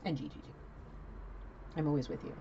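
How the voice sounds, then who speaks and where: Mellow, blunt woman giving a casual reading. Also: fairly quick, highs cut off, a little hiss or hum. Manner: rambling, blunt, chatty, swears. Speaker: psychic tarot reader.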